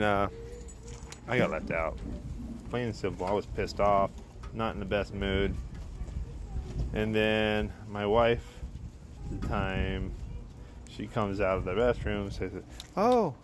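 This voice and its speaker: Deep-voiced man telling a rambling story. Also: fairly even intonation, unhurried, long pauses, background noise. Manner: rambling, self-correcting, casually profane. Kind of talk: casual storytelling. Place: outdoors at a backyard barbecue.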